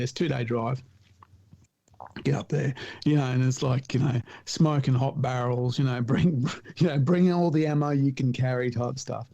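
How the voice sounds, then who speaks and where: A middle-aged Australian man tells hunting stories with a laid-back, animated energy. His voice is gravelly and dark, with a mellow warmth. He chuckles through his own anecdotes. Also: mid-range voice. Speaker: podcast guest, hunter and writer. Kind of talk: casual storytelling chat.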